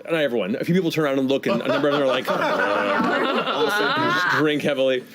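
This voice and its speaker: A man narrating a tabletop game as game master, animated, adding sound effects and laughing as he goes. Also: mid-range voice, very fast, very noisy.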